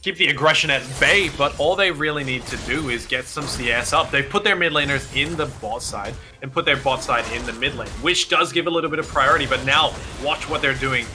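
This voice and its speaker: A man with an Australian accent giving steady, explanatory analysis as co-caster of an esports match. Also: fairly high pitch, a little fast, hardly any pauses, over music. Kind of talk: live analyst commentary.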